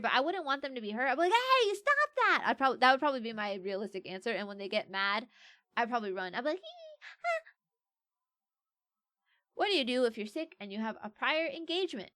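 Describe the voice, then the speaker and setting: A woman doing a bright, high-ish young streamer with a dry, close sound, playfully riffing on quiz questions. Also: clean tone, dry recording. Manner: playful, reads quiz questions aloud and jokes about them. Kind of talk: casual livestream chat.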